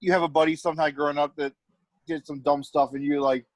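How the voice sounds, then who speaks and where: Fast-talking male co-host, dry sound. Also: fairly high pitch, flat delivery, no echo, low-quality recording. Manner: fast storytelling with many "like" fillers and restarts. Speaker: podcast co-host. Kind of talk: casual chat.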